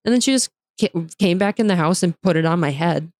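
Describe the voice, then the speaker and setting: A woman's voice: fairly low pitch, lively intonation, fast, a little mellow, no room sound, studio quality. A young woman co-hosting a podcast, talking bluntly and laughing often in a casual chat. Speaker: podcast co-host.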